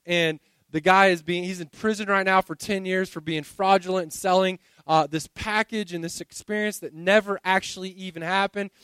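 A man's voice: high voice, fairly even intonation, moderate pace, hardly any pauses, a bit bright, clean tone, no echo. A man preaching a sermon in a conversational way, often repeating words as he searches for the next thought. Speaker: pastor.

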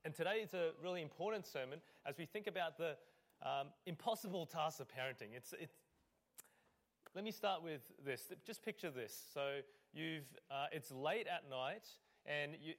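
Guy pastor giving a chatty sermon at church, kinda high voice, lots of ums. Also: normal speed, fairly bright tone. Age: adult parent. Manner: conversational, with fillers; acts out scenes. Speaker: lead pastor.

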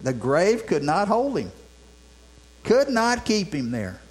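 A man's voice: sits high, wildly swooping pitch, slow, long pauses, poor audio. A man preaching a sermon in a conversational way, with many restarts and rhetorical questions. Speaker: pastor. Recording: mains hum.

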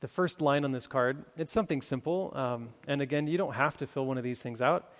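A man's voice: mid-range voice, brisk. A man preaching a sermon, telling a story with many fillers and restarts before making his appeal. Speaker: pastor. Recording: long hall reverb.

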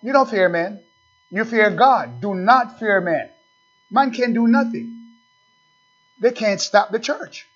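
A man preaching a sermon, emphatic, stretching words slowly to stress the scripture. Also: high-pitched, fairly bright tone, husky, faint music behind. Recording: dull lo-fi recording.

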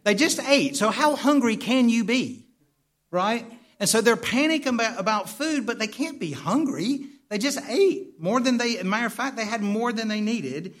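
Guy preaching, pretty high voice, chatty, keeps asking the crowd "right?". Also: normal speed. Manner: animated, calls for responses from the congregation; stumbles and repeats words, conversational. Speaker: pastor. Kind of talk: sermon.

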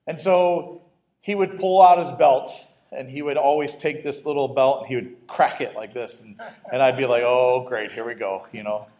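A man's voice: mid-range voice, moderate pace, mellow. A man preaching a sermon as a pastor, conversational, breaking off into humorous asides and restarts.

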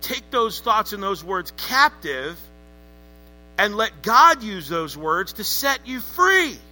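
Bright-voiced man preaching a sermon. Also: high voice, sing-song, slow, faint music behind, low-quality recording. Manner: emphatic, calls on the congregation to repeat words. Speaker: pastor.

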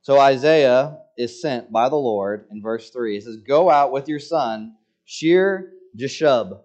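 A man's voice: medium pitch, animated, slow pace, darkish tone, dull audio. A man preaching a sermon in a conversational, joking way, acting out quoted lines with emphasis. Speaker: pastor.

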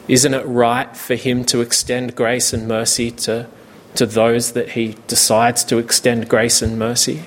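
Slow, measured male preacher. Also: medium pitch. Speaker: pastor. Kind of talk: sermon.

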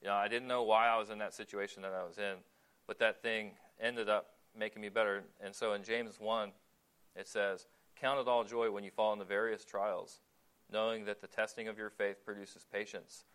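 A man preaching a sermon in a relaxed, conversational way, asking the listeners questions and pausing on fillers. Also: on the low side, smooth.

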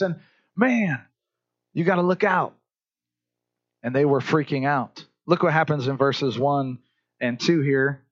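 A man's voice: on the high side, a little slow, long pauses, dull audio. A man preaching a sermon as pastor, talking conversationally, asking the congregation questions and repeating his words. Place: church service.

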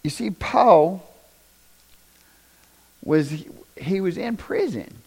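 A man's voice: sits high, drawn-out words, gravelly, breathy edge. A middle-aged man preaching a sermon in a church, folksy and joking, speaking straight to his congregation. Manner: animated, folksy and joking, addresses congregation directly. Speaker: pastor.

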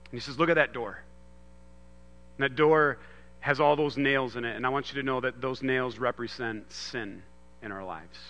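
A man in his thirties giving an earnest sermon, moving from loud emphasis to hushed storytelling. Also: mid-range voice, moderate pace, in a large hall. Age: 30s. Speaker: pastor.

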